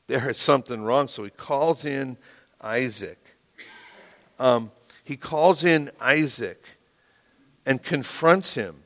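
A man preaching a sermon as the pastor of a church, slow and emphatic, leaning hard on key words. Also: medium pitch, expressive. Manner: slow, emphatic preaching with rising, loud stresses. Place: church sanctuary. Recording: long reverb of a church hall.

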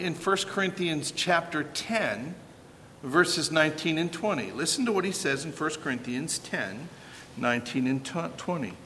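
A man preaching a sermon in an animated way, firing rhetorical questions at his listeners. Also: fairly high pitch, big-room sound, slight background noise.

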